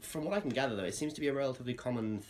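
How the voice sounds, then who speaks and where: A British man as a podcast guest, polite and quick, tripping over restarts. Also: medium pitch, a little hiss or hum. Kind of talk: casual podcast chat.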